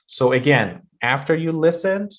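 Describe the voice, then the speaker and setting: A man's voice: fairly high pitch, expressive, measured pace. Hesitant man teaching pronunciation. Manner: explanatory, with frequent hesitations. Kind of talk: online lesson.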